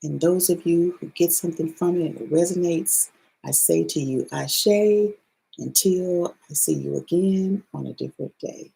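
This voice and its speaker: A woman's voice: fairly low pitch, normal speed, creaky, mellow, breathy edge, low-quality recording. A woman giving a casual spiritual card reading to her viewers in a loose, salty, chatty way.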